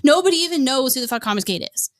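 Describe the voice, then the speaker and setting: A woman's voice: high voice, lively intonation, rapid-fire. A woman hosting a podcast, ranting in a blunt, profane and sarcastic casual way. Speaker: podcast host.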